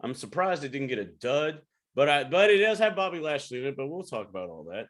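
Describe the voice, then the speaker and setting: A man's voice: on the high side, very animated, quick pace, a bit bright. A man hosting a podcast in casual chat, wry and swearing casually. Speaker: podcast host.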